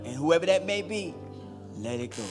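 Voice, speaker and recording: A man's voice: on the high side, lively intonation, normal speed. A man urging a congregation to let go and trust God, repeating his phrases emphatically. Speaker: deacon leading devotion. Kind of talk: prayer exhortation. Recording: reverberant hall. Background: music.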